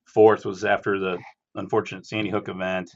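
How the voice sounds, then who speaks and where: A man's voice: low voice, fairly quick, vocal fry, dull audio. A man, a guest on a podcast, telling hunting stories and talking industry in casual chat with chuckles. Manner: relaxed storyteller, chuckles.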